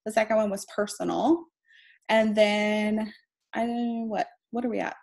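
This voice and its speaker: A woman's voice: medium pitch, steady tone, normal speed, creaky, darkish tone. A young woman mentoring on a live stream, chatty and heartfelt, laughing between phrases. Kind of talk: casual live-stream teaching.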